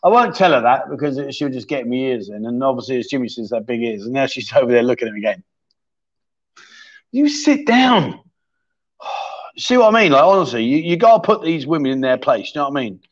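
A fast-talking man with a mid-range voice and lively intonation barely pauses as he hosts a casual livestream chat show. He jokes, chats, and thinks out loud while scrolling through viewer comments and reading them aloud, all in slightly dull lo-fi sound.

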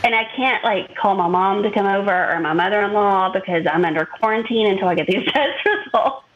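A woman co-hosting a podcast relays a long personal story in casual conversation, animatedly performing other people's quotes. She speaks fairly quickly at medium pitch, and the audio is dull with a little hiss or hum.

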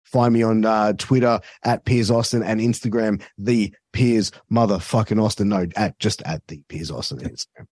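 A man's voice: lowish voice, fairly even intonation, normal speed, few pauses, a little mellow, no room sound, clean studio sound. An Australian man, a podcaster and wrestling announcer, chatting casually as a guest, swearing freely and filling his talk with asides. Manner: profane, loose, full of fillers.

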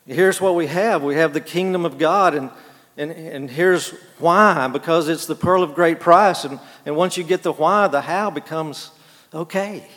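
A man preaching a sermon, halting and repeating words, moving between quiet and emphatic phrases. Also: a little high. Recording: long hall reverb.

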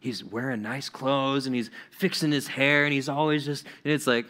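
A man's voice: mid-range voice, moderate pace, hardly any pauses, fairly bright tone. A young adult man preaching a conversational sermon to young people, acting out little quoted voices as he goes.

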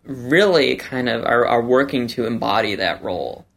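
A man's voice: mid-range voice, expressive, moderate pace, gravelly, fairly bright tone. A man co-hosting a casual book club podcast, chatty and rambling with many fillers. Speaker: podcast co-host.

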